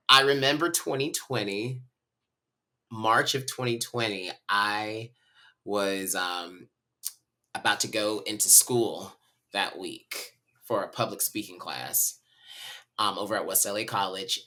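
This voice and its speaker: A man from North Carolina, a podcast guest telling a personal story in a candid, animated way. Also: lowish voice, takes it slowly. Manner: animated, candid, talks to listeners as y'all.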